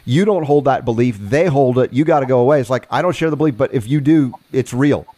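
A man hosting a casual interview, quick and agreeable, talking with many fillers. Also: medium pitch, mellow. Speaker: podcast host.

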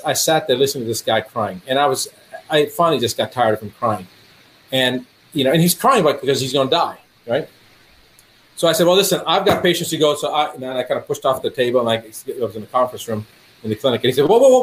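A man, a doctor, telling stories in conversation, acting out dialogue with a rising voice. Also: a little hiss or hum. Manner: animated, acts out dialogue with rising pitch. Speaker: doctor guest. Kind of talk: storytelling in conversation.

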